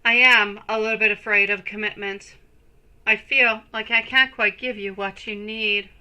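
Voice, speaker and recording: A woman hosting a live tarot reading stream, speaking slowly and affectionately to her viewers. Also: medium pitch, steady tone, bright, forceful tone, smooth, dull audio. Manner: slow, soothing, affectionate toward viewers.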